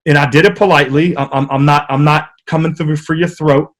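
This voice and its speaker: A man from the United States, with a slightly high voice, shares stories as a guest on a laid-back podcast interview. He talks fairly quickly, with animated, vivid delivery.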